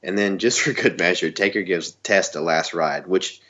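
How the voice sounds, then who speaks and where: A man from the Southern US co-hosting a podcast, telling stories excitedly and laughing often. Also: low voice, normal speed, highs cut off. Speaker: podcast co-host. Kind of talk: casual chat.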